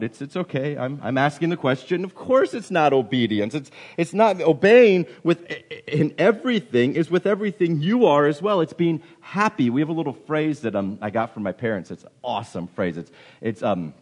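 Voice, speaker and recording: Man preaching, lively pitch, lots of questions, restarts, getting a cold. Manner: animated, questioning, with many restarts. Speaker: pastor. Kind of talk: sermon.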